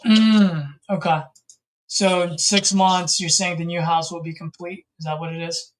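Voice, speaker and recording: A man's voice: a little high, steady tone, unhurried, fairly bright tone, slight background noise. A man on a live call session, talking to a seller in an easygoing, friendly way. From California. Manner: easygoing, friendly, casual phone patter. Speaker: host, real estate investor calling sellers.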